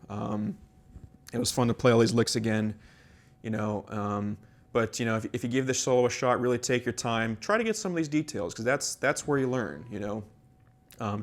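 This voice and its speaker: A man walking through a guitar solo in a casual lesson, rambling with many fillers and restarts, a bit out of breath. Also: mid-range voice. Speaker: guitar teacher.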